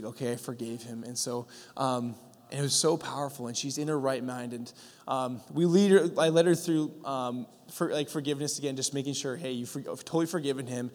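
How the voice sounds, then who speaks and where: A man telling a testimony in a sermon, earnest, with many fillers and restarts. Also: mid-range voice. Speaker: preacher sharing a testimony. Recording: long hall reverb.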